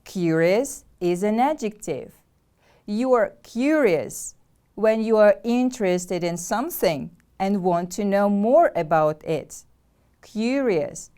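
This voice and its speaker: A woman with a Kyrgyz accent teaches English vocabulary in a slow, deliberate classroom manner. Her voice is mellow and smooth, and she drills each word for pupils to repeat. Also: medium pitch, lively intonation. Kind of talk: slow, clear classroom instruction.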